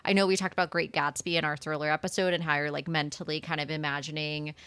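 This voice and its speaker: Woman host, lowish voice, dry close sound, chatty and enthusiastic. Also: level tone, fast talker, fairly bright tone, clear, resonant tone, dry recording. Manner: enthusiastic, chatty, with many fillers and asides. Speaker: podcast host. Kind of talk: casual book club chat.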